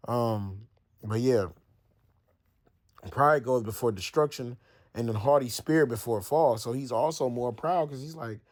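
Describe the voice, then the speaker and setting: A man leading a casual Bible study, reading old-fashioned scripture and then retelling it in loose everyday slang. His voice sits at an ordinary middle pitch. He often restarts his sentences and thinks out loud as he goes. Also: unhurried, long pauses. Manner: reads scripture then explains it in casual slang, acting out the people in the story; stumbles and restarts, thinks aloud while checking facts. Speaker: Bible teacher.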